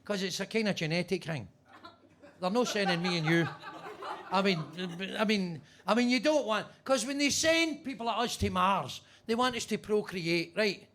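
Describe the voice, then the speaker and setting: A man doing stand-up crowd work in a basement club, brash and foul-mouthed as he teases the people in front of him. His voice sits high for a man. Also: normal speed, fairly bright tone. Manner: brash, swearing, teasing the audience. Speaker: stand-up comedian.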